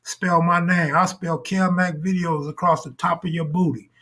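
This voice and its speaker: A man's voice: a little high, steady tone, normal speed, pushed and bright. A man hosting a live stream in casual talk, full of crude, boastful joking banter.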